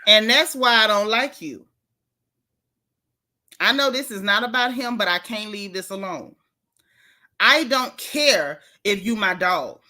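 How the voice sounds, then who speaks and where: A woman's voice: on the high side, sharp tone. A middle-aged woman, hosting a gossip commentary show in a sassy, emphatic way, talking straight to her viewers. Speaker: host.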